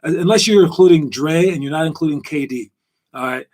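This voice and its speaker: Host, male, slightly high voice, loose rambling delivery full of fillers, casual sports chat. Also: a little fast. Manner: rambling, animated, lots of fillers. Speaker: podcast host.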